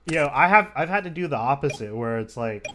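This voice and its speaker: A man's voice: mid-range voice, animated, fairly quick, background noise. Rambling male card game commentator. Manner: rambling, filler-heavy storytelling. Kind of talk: casual play-by-play commentary.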